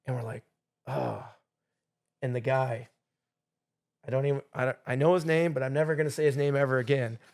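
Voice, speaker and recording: A middle-aged man telling a story as a podcast guest, animated, acting out what people said. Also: medium pitch, brisk, creaky, pauses often. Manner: animated storyteller, acts out quotes loudly. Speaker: game show contestant guest.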